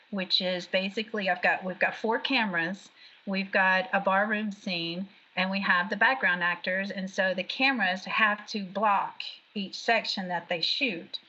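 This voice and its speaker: Chatty woman guest, lively storyteller, bright forceful voice, dull lo-fi recording. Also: medium pitch. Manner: chatty, animated storyteller who laughs often. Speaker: guest, background actor. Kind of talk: casual interview chat. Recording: dull lo-fi sound.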